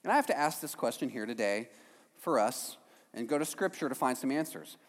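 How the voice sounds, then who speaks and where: A man preaching a sermon to a congregation, animated, with jokey asides and frequent "right?" checks to the room. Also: mid-range voice, fairly quick. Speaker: pastor. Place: church hall with a congregation. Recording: long hall reverb.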